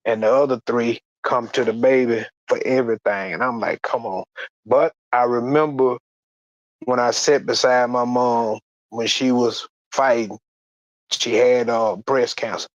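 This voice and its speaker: Man, personal testimony, halting and plain-spoken, mid-pitched voice, dry muffled recording. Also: steady tone, no room sound. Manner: halting, plain-spoken, repeats words and restarts. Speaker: guest sharing a church testimony.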